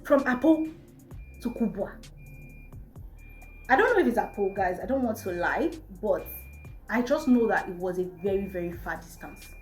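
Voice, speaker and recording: A young woman with a Nigerian accent, telling a storytime vlog in an animated, exasperated way. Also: medium pitch, normal speed, long pauses. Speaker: vlogger. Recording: echoey room, faint music.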